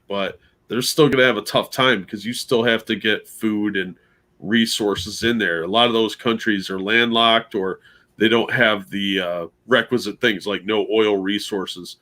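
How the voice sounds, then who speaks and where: A man's voice: lowish voice, fairly even intonation, normal speed, pushed and bright. A man co-hosting a livestream chat, talking in a laid-back, joking way. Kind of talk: casual chat.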